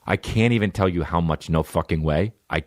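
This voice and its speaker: A man's voice: low-pitched, darkish tone, no echo, clean studio sound. A male comedian hosting a podcast, riffing crudely and rambling from joke to joke in a casual style. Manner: crude, rambling, jumps into quick voiced bits.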